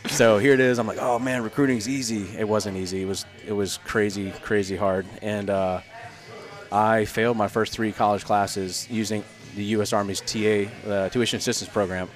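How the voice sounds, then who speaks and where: A man's voice: fairly low pitch, normal speed, faint music behind. A man in his thirties, a former soldier, casually telling stories and acting out the people he quotes, with some swearing. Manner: animated storyteller who acts out quoted voices, swears freely. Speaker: podcast guest, former Army Ranger and Green Beret. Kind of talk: casual storytelling chat.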